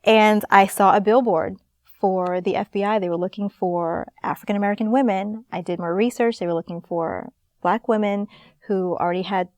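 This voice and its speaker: A woman in her thirties, an actress guest in an interview, telling stories in a lively, animated way. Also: mid-range voice, normal speed, no echo, clean studio sound. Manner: lively, animated storyteller, laughs often. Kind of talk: casual storytelling in an interview.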